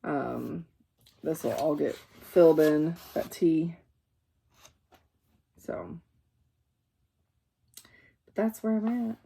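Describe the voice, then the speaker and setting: Her voice sits low, warm and slightly rough, with vocal fry, drawn-out words, and long pauses, yet she sounds animated. A tired, yawning cross-stitch vlogger, she casually shows her works in progress, rambling with fillers and correcting herself.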